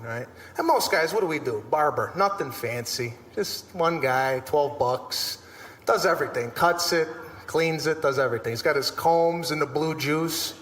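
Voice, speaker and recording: A male stand-up comedian telling animated, exasperated stories, breaking into shouted punchlines. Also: a little high, moderate pace, slight background noise. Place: large live comedy venue. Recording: live stage with hall echo and crowd.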